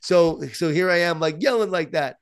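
A man from Long Island with a New York accent, an author telling stories as a guest, animated and self-deprecating. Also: fairly high pitch, moderate pace, smooth. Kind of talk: storytelling in conversation.

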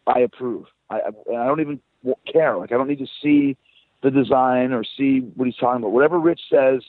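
A man's voice: mid-range voice, steady tone, quick pace, no echo. A man, a rock band frontman, chatting loosely as a guest in a phone interview, swearing and storytelling. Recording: tinny dry phone line.

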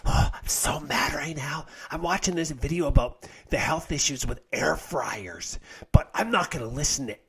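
A man's voice: on the high side, moderate pace, a bit bright, breathy edge, full character voice. A man putting on a whiny, sulking voice to mock an offended online commenter. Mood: sulky.

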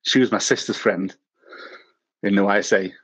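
A man's voice: lowish voice, steady tone, moderate pace, a bit bright, breathy edge, poor audio. A man born in South Africa, a podcast guest telling long, self-mocking stories in casual interview talk, often chuckling at himself. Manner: rambling storyteller, self-mocking, chuckles at his own stories. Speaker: podcast guest, former missionary.

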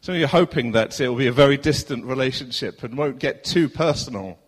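Preaching fast in a medium-pitched voice, a southern English man leads his church's sermon with earnest rhetorical questions. He alternates loud stretches with hushed ones, and the hall adds a long reverb.

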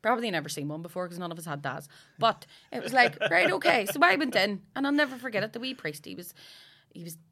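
A woman's voice: medium pitch, big pitch swings, quick pace, pushed and bright. A woman telling a story in casual chat, laughing and acting out the lines of the people in it. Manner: laughing, acts out quotes, swears.

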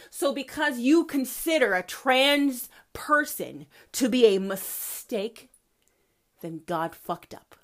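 A woman's voice: fairly high pitch, expressive, takes it slowly. Fiery foul-mouthed woman ranting. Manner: profane, fiery preachy ranting. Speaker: podcast host. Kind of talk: impassioned monologue.

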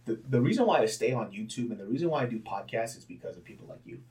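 A young man talking candidly in a casual interview, swearing freely and breaking into loud laughs as he tells stories about himself. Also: mid-range voice, animated, racing. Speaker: podcast guest, comedian.

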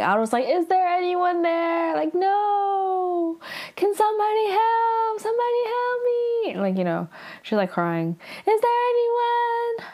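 A woman's voice: fairly low pitch, darkish tone. Chatty young woman recapping an episode. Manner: chatty, heavy use of "like", quick reactive asides. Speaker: drama recap vlogger.

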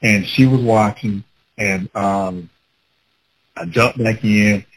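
A man with children telling a personal story in a casual, animated way, acting out his own past words with laughter. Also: on the low side, slow pace, rough recording. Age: adult with children.

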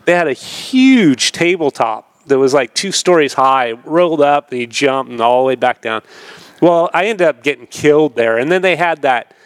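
A man, probably in his fifties, telling stories from his racing career as a podcast guest in a relaxed, rambling way, laughing often and acting out what others said. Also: a little high, normal speed, no echo. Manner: laid-back, rambling, laughs often, acts out quoted voices. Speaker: podcast guest, retired motocross racer. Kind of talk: casual storytelling interview.

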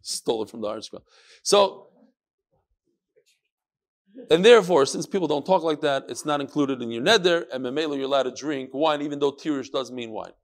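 A man teaching a Talmud class in a lively, questioning manner, sprinkling in Yiddish and Hebrew terms to students in a study hall. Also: mid-range voice, brisk, pauses often.

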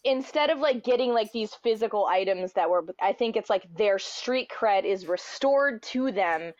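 A woman's voice: mid-range voice, animated, moderate pace, no room sound, muffled recording. A woman casually and animatedly improvising a story, with many fillers.

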